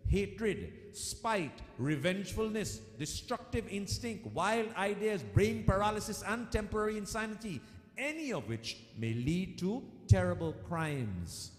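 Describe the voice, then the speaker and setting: Male spiritual speaker, fairly high and very animated voice, storytelling sermon, repeats key lines, echoey room with long reverb. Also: measured pace. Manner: addresses listeners as devotees. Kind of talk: devotional discourse.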